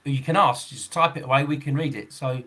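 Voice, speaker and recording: A man's voice: mid-range voice, a little fast, bright, forceful tone. A man in his sixties, a football referee hosting a podcast, chatting casually in a rambling way, chuckling often and restarting his sentences. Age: 60s.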